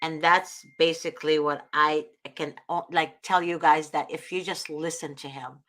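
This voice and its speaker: A woman's voice: low voice, steady tone, normal speed, fairly bright tone. Earnest woman host giving advice. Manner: earnest, preachy, repeats herself. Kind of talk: casual advice talk.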